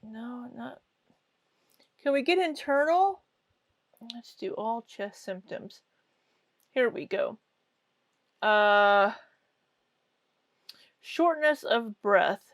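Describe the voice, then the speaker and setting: A woman's voice: fairly high pitch, lively intonation, extremely slow, pauses often, no room sound. A woman hosting a reaction commentary with a sarcastic, mocking way of talking. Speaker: commentary host.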